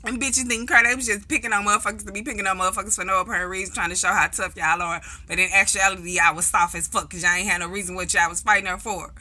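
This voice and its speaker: A woman's voice: on the low side, pushed and bright. A young woman with a St. telling blunt, profane stories in a casual vlog, acting out the voices of people she quotes. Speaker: vlogger. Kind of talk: casual storytelling monologue.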